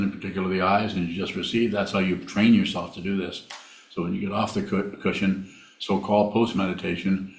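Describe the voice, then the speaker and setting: Deep voiced guy giving a buddhist dharma talk, halting and repetitive, echoey hall. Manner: halting, repeats words, plainspoken. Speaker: Buddhist meditation teacher. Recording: roomy hall sound.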